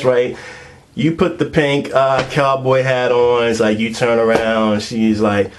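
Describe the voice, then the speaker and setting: A man's voice: mid-range voice, steady tone, a little slow. A young man telling a crude, comedic rant full of street slang and constant fillers.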